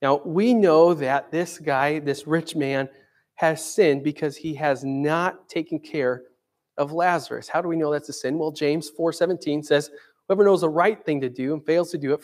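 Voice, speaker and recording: A man's voice: on the high side, darkish tone. A man preaching a sermon in a conversational way, dramatically acting out quoted voices. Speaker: pastor.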